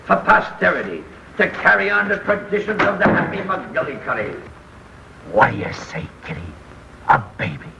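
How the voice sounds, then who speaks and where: A brash, boastful suitor, gravelly and full of quick comic patter. His pitch swoops all over. It comes through a muffled, hissing 1930s film soundtrack. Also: wildly swooping pitch, exaggerated voice. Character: brash gravelly man courting his sweetheart. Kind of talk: 1930s film comedy acting. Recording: dull lo-fi 1930s film sound with loud hiss.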